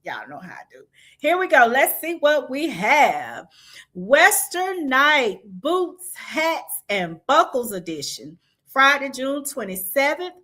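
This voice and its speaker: Lively bright-voiced woman host. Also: high voice, slow pace. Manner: lively, hype, chatty with the audience. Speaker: livestream show host. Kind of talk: casual livestream chat and event promotion. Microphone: video call style stream mic.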